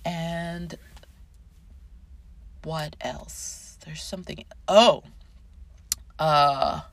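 A woman in her thirties hosting a casual podcast, chatty and animated, swearing and going off on tangents. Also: sits low, extremely slow. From Canada. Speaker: podcast host. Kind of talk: casual chat.

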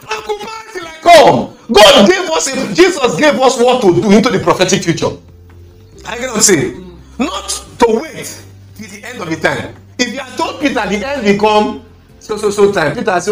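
A man with a Nigerian accent preaching at a conference, his voice high for a man and swinging widely in pitch. He talks emphatically, repeats phrases for effect, and restarts his sentences. Faint music plays underneath. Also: sing-song, moderate pace. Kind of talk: conference sermon.

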